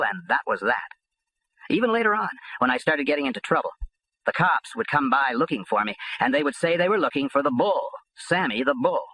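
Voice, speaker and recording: A man's voice: mid-range voice, bright, forceful tone, rough recording. A man reading an audiobook in first person, with a blunt, streetwise delivery. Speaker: audiobook narrator.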